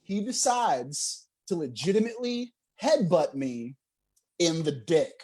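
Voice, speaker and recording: Lively young male stand-up comic. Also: a little high, measured pace, slightly rough. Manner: animated, laughs between jokes, crowd work. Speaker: stand-up comedian. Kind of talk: stand-up set.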